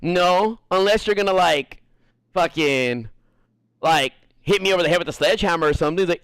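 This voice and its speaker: Man, high lively voice, rambling crude jokes, dry close sound. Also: moderate pace, no echo. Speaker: streamer. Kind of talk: casual chat.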